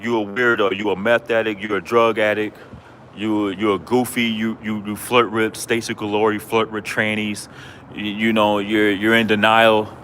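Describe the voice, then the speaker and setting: A lower-pitched man rants on a livestream, taunting and mocking his target over and over. Faint street noise and passing vehicles sit behind his voice. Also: fairly bright tone. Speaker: livestream host. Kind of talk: ranting livestream monologue.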